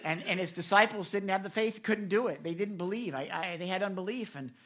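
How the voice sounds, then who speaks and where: A preacher giving an animated devotional sermon, retelling scripture with many repeated starts and asking listeners direct questions. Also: mid-range voice, brisk.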